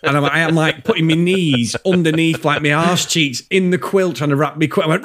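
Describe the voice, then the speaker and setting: A man's voice: fairly high pitch, brisk, few pauses, a crowd in the background. A man, co-hosting a casual film review podcast, telling stories with lots of swearing. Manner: swears freely, animated storytelling. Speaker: podcast co-host.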